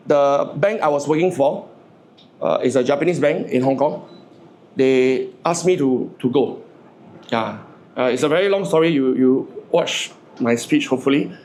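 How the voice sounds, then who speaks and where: A man with a slightly high, somewhat mellow voice gives a humorous motivational speech to a live crowd. He stammers and repeats words while joking and asking the audience questions.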